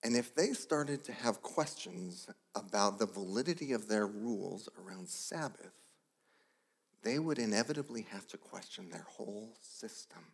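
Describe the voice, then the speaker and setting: A pastor delivering a sermon, telling the story with lively asides and brief voiced characters. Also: male voice, on the low side, moderate pace, vocal fry, husky. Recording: long hall reverb.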